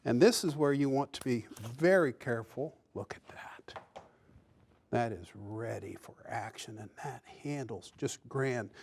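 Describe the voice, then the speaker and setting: A man's voice: mid-range voice, moderate pace, vocal fry, few pauses, darkish tone. A man hosting a woodworking show, demonstrating projects in a folksy, enthusiastic way. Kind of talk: instructional demonstration.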